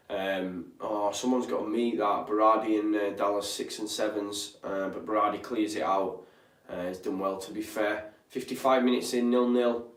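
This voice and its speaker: A man's voice: mid-range voice, distant mic. A young man hosts a live football watch-along, chatting casually, reading viewer comments, and sounding tired. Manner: chatty, reads out viewer comments, frequent ums and apologies. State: tired, yawning. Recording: roomy echo, speaker off-mic.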